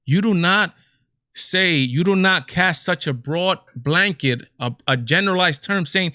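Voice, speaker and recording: Hosting a political commentary livestream, this man has a Latino English accent and a high, pushed, bright voice, speaking unhurriedly. There's no echo and the studio sound is clean. Exasperated and incredulous, he keeps throwing out rhetorical questions.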